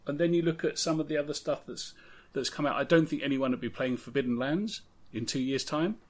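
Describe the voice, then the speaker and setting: Talking a little fast in a voice on the high side, a man co-hosting a podcast chats casually and opinionatedly about tabletop games, wandering off on tangents.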